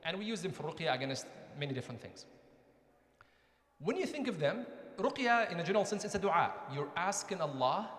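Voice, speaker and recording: A man delivers a conversational lecture in a mosque hall, his voice sitting slightly high. He often turns to the audience with questions. The recording carries the echo and long reverb of the large hall. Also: big pitch swings, brisk, fairly bright tone.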